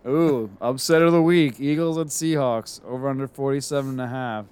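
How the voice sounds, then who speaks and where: A man's voice: mid-range voice, a little fast, darkish tone, smooth. A man co-hosting a casual podcast, reading out picks in an upbeat way and laughing often. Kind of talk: casual chat.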